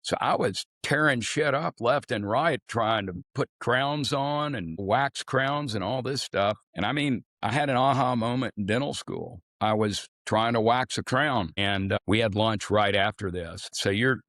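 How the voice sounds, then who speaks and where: A man's voice: medium pitch, measured pace, few pauses, a bit bright, no room sound, studio quality. An older man, a former swim coach telling rambling, folksy stories as a podcast guest. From Arkansas. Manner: folksy, rambling anecdotes with casual swearing. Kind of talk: storytelling in a podcast interview.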